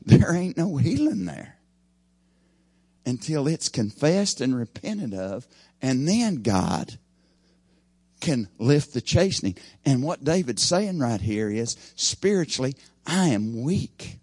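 Brief: male preacher, mid-pitched, dramatic rises and quiet drops, dry close sound. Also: lively intonation, normal speed, breathy edge, dry recording. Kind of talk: sermon.

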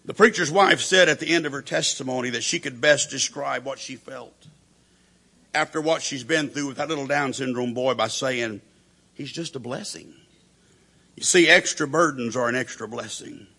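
Man, preacher, sermon, storytelling, acts out quotes, husky, tense tone. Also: mid-range voice, moderate pace, pushed and bright.

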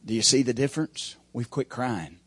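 A male preacher delivers a sermon. His voice is husky, and he keeps checking in with the congregation through rhetorical questions. He swings between loud emphatic builds and quiet, low asides. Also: expressive, moderate pace. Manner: call-and-response preaching, rising and falling emphasis.

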